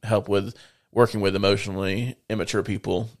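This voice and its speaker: Man, lowish voice, reflective podcast co-host, casual faith talk, everyday analogies. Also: flat delivery, a little fast. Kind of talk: casual faith-based discussion.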